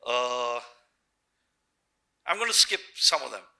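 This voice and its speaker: A man's voice: medium pitch, big pitch swings, slow pace, vocal fry, low-quality recording. A middle-aged man giving a personal tribute speech at a memorial gathering, telling anecdotes and quoting the voices of people he remembers. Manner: anecdotal, warm storytelling with quoted voices. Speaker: memorial speaker. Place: memorial gathering before an audience.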